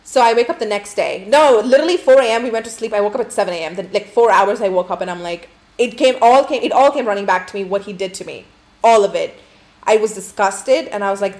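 A woman's voice: mid-range voice, fast talker. Profane rambling young woman storyteller. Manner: profane, candid, rambling with many likes. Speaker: podcast host. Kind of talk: casual storytelling to listeners.

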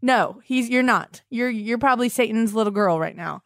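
A woman's voice: fairly high pitch, moderate pace, no room sound, studio quality. A young woman hosting a comedy podcast, talking in a melodramatic, accusatory, whiny way. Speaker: podcast host. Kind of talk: improvised comedy phone call.

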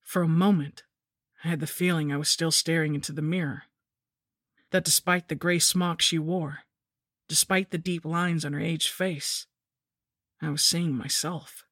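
A woman narrating a scripted horror story in a measured, somber way. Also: low-pitched, steady tone, a bit bright, no room sound, clean studio sound.

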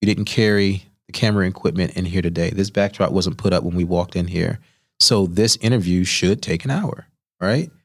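A man with a low voice speaks at a moderate pace into a studio microphone. He's a chef appearing as an interview guest in a podcast studio, an animated storyteller who acts out the voices of the people he quotes.

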